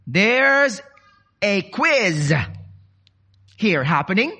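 A man preaching a sermon, from the Philippines, lively and animated as he quizzes the congregation. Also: high voice, a little slow, long pauses, husky.

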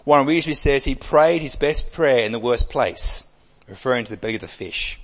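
A man preaching an expository sermon, emphatic, with wide swings between loud and soft. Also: medium pitch, animated, moderate pace. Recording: long hall reverb.

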